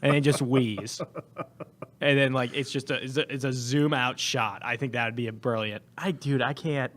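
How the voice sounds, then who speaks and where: A man's voice: medium pitch, fairly even intonation, moderate pace, fairly bright tone. A man co-hosting a podcast in casual comedic chat, rambling with lots of fillers and laughter. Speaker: podcast co-host.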